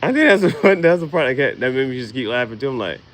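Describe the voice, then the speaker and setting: A man's voice: mid-range voice, big pitch swings, fast, slight background noise. A man vlogging in a casual comedic monologue, laughing often and swearing in slangy storytelling.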